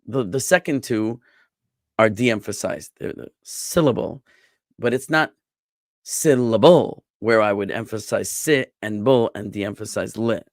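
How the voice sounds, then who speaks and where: Rabbi explaining, dry close sound. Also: male voice, fairly low pitch, no room sound. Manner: patient, repeats and drawls words to show syllable stress; thinks aloud with restarts and rhetorical checks. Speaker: rabbi teaching biblical Hebrew. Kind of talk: online class lecture.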